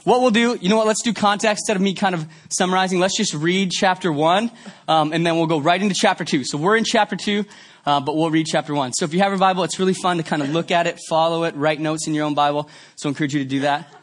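A man's voice: on the high side, fast talker. A man from Canada giving a conversational sermon in a church, telling stories with many fillers. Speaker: pastor. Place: church sanctuary.

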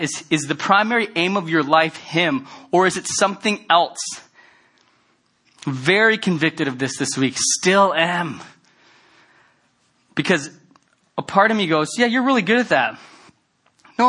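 Bright-voiced, earnest male preacher. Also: a little high. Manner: earnest, conversational preaching that swells into loud emphatic bursts. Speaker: pastor. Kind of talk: sermon.

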